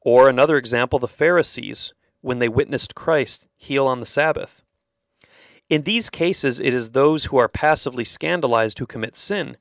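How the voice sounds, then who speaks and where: A man's voice: mid-range voice, gravelly, a bit bright, dry recording, studio quality. A man hosting a religious radio show, explaining a moral teaching in a conversational way, with fillers and small laughs and passages read aloud. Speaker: radio host. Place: radio studio.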